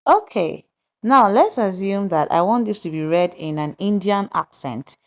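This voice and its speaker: A woman hosting a software tutorial, explaining each step deliberately and pausing with fillers as she goes. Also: medium pitch, lively intonation, muffled recording. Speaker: tutorial host. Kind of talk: screen-recorded software tutorial narration.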